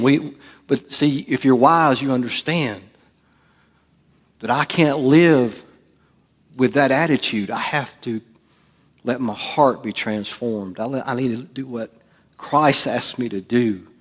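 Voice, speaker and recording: A middle-aged man, preaching a sermon as pastor, swinging from hushed asides to loud, animated delivery. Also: medium pitch, unhurried, long pauses, long reverb tail.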